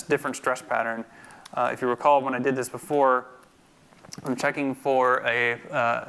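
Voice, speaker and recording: Male instructor, screencast coding tutorial, gravelly yet crisp tone, bright voice, talks through his steps. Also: medium pitch. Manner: thinks aloud, many fillers and restarts.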